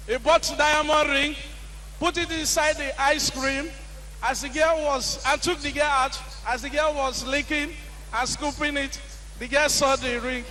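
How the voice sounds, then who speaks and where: A young man with a Nigerian accent doing animated stand-up comedy on a live stage, acting out the people in his stories. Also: extremely high pitch, low-quality recording. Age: young adult. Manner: animated storytelling, acts out quoted characters with shouts.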